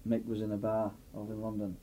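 A man's voice: on the low side, completely flat delivery, fast talker, dark tone, slight background noise, low-quality recording. A man telling a joke at an informal house music session, rambling and restarting as he goes. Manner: rambling, restarts his story. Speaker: joke teller.

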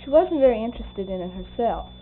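A woman's voice: fairly high pitch, quick pace. Older woman telling stories on tinny tape. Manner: laughing, animated storyteller acting out quoted voices. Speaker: interviewee. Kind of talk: oral history storytelling. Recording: tinny lo-fi tape with faint hum.

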